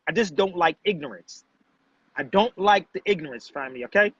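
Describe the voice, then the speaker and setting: Male streamer, high pitch, confrontational and preachy, dull lo-fi sound. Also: lively intonation, fairly quick, fairly bright tone, slightly rough, no room sound. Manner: preachy, confrontational, addresses chat as family. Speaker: livestream host. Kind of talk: casual livestream talk to viewers. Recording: dull, muffled lo-fi livestream audio.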